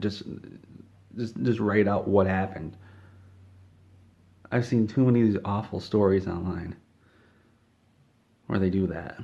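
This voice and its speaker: Guy with a lowish voice telling a goofy story all mock-serious, kinda muffled audio. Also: gravelly, a little mellow. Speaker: comedic storyteller. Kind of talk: deadpan comedic storytelling.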